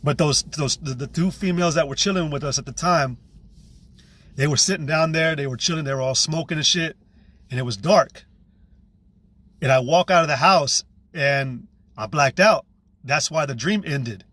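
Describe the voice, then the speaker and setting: A man's voice: a little high, normal speed, a bit bright, no echo. A young man giving a personal testimony in a casual, intense, profane way, with frequent restarts. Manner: intense, profane, with many restarts and "you know"s. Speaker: channel host giving testimony.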